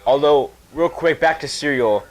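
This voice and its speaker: A man's voice: fairly high pitch, moderate pace. A young man co-hosting a casual sports chat, enthusiastic and teasing. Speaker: co-host.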